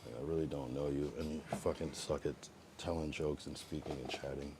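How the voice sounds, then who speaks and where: A young man livestreaming, chatting to viewers in a rambling, profane way, swinging from mutters to loud taunts. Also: very deep voice, fairly even intonation, fairly quick, background noise. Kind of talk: casual live-stream chat reacting to viewers.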